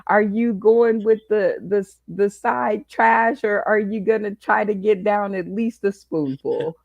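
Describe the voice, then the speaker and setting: A woman's voice: mid-range voice, measured pace, no echo, dull audio. A woman hosting a comedy game show for dads, teasing the panel with a playful manner. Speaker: host.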